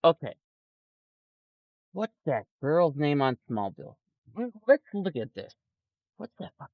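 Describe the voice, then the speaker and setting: Profane ranting man, lively pitch. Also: slow pace, no echo. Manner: profane, angry ranting with frequent swearing; mocking put-on voices for quoted people. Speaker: stock market streamer. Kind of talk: ranting livestream commentary. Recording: dull lo-fi audio, dry.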